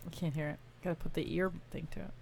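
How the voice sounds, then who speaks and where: A woman's voice: fairly even intonation, fast, creaky, a little mellow, a little hiss or hum. A woman who works as a teacher, co-hosting a podcast and teasing the others in casual banter before it goes live. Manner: teasing, giggly, pitch jumping high. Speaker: co-host.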